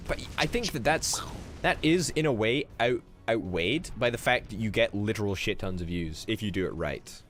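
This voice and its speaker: A man co-hosting a let's play, chatting casually while gaming, animated, laughing easily and swearing freely. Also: lowish voice, normal speed, faint music behind.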